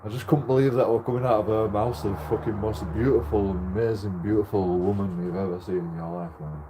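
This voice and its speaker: Laughing, rambling man with a lowish voice. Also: steady tone, a little fast, background noise. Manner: laughs often, swears a lot, restarts sentences. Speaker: vlogger. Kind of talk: casual rambling chat to camera.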